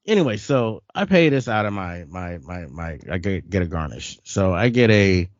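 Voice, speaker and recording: A man with a low voice tells a rambling personal story on a casual podcast. He repeats words as he goes and laughs often. The sound is dry and slightly dull. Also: big pitch swings, moderate pace, no echo. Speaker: podcast co-host.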